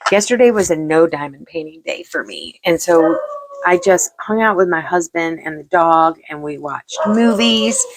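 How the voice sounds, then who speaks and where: A woman's voice: sits low, expressive, moderate pace, a little hiss or hum. A middle-aged woman hosting a vlog, chatting casually while she crafts, rambling and self-deprecating and often repeating herself. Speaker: vlog host.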